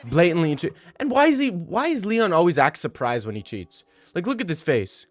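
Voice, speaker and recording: Brief: young male commentator in his twenties, animated, mocking, light music in the background. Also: fairly high pitch, normal speed, hardly any pauses. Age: 20s. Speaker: video commentator. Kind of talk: casual commentary over fight replays.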